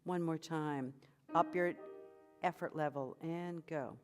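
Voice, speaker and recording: Slow-paced woman coaching a voice class. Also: low voice, steady tone, over music. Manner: encouraging, demonstrates sounds and sung phrases. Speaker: vocal coach. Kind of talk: leading a voice workshop.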